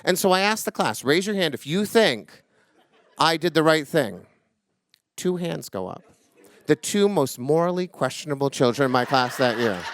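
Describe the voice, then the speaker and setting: A man in his forties telling a true story live on stage into a microphone, swinging from loud indignation to hushed reflection. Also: a little high, sing-song, moderate pace, no echo.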